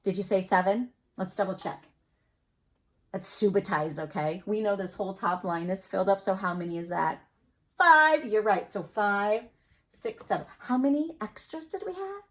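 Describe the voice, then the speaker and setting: Leading an early-grade math class, an animated woman teacher with a medium-pitched voice counts out loud slowly in a sing-song manner. She encourages the kids with questions as she goes.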